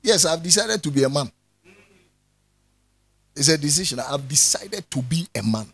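A man preaches a sermon, his fairly high voice leaping up and down in pitch as he jokes with the people and calls for answers. His delivery is animated and conversational. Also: normal speed, husky. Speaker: pastor.

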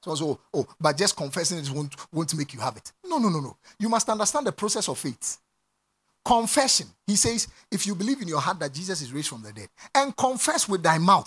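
A man preaching a sermon to a congregation, repeating phrases, laughing and breaking into shouts. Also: very high-pitched, animated, normal speed. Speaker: pastor. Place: church before a congregation.

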